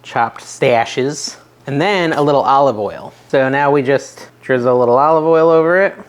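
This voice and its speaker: A middle-aged man hosting a casual home cooking vlog, chatty and nervous, with a self-deprecating manner and sudden excited yelps. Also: mid-range voice, normal speed. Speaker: cooking channel host. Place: home kitchen.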